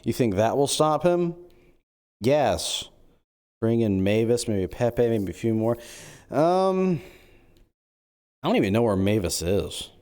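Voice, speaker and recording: A man in an in-character role-play stream, talking in an excitable, scheming way. His pitch moves a lot, and he jumps between jokes and plans. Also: slow pace, pauses often, clear, resonant tone.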